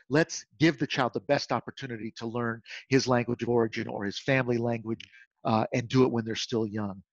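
A man's voice: medium pitch, steady tone, brisk, vocal fry. A man speech-language pathologist makes his points firmly and emphatically to colleagues. His voice comes through a video call, with dull, muffled audio and a dry sound with no room echo. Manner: emphatic, firm. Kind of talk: explaining to fellow clinicians.

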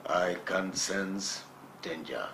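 An actor with a Nigerian accent playing a stern, suspicious father in a film, gravelly and slow. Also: sits low, fairly bright tone, a little hiss or hum, heavily acted. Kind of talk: Nollywood film acting. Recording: film audio with music underneath.

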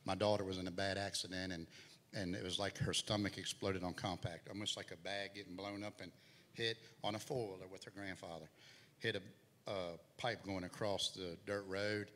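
This middle-aged guest preacher speaks at normal speed in a low, steady, fairly bright voice, giving a sermon testimony in a church sanctuary. His voice swells and dips as the story unfolds, with hall reverb and faint noise in the recording.

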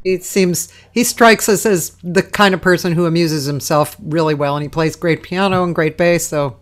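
A woman hosting a casual livestream chat over a video call, relaxed and rambling, with many fillers. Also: on the low side, normal speed. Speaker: host.

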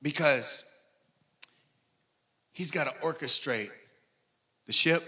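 A man preaching a sermon as pastor, animated and swinging between loud and soft delivery. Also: fairly high pitch, slow, slightly rough. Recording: long hall reverb with faint music.

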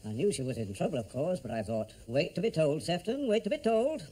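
A man's voice: fairly high pitch, very animated, fairly quick, mellow, slightly rough. An actor playing a gossipy, grumbling older man in a television drama. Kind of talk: 1970s television drama acting.

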